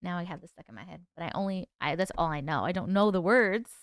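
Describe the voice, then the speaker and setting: A woman's voice: on the low side, fast talker, clean tone, dry recording, studio quality. A woman hosting a casual livestream chat, greeting viewers by name, reading their comments aloud and laughing often. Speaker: livestream host.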